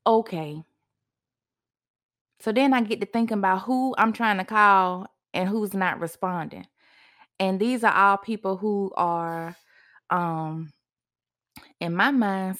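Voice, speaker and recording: A young woman hosts a podcast and tells a personal story. Her delivery is animated, and her voice climbs sharply when she acts out her own past words. She talks like she is sharing it with a friend. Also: medium pitch. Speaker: podcast host.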